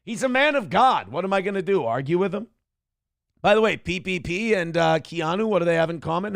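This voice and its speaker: Gravelly, profane male show host. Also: high voice, a little fast, dry recording, studio quality. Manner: profane, rambling, animated. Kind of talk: casual commentary show.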